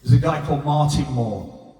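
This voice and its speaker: A man's voice: mid-range voice, normal speed, crowd noise. A middle-aged man doing a crude, swearing stand-up set on a handheld mic in a pub comedy room. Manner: crude, blunt storytelling with swearing. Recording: echoey pub room from far off.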